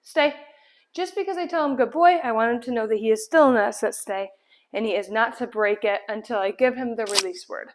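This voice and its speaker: A woman's voice: fairly high pitch, a little fast, a little hiss or hum. A woman dog trainer explaining a puppy's sit and down stays while giving him firm commands indoors. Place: indoor room at home.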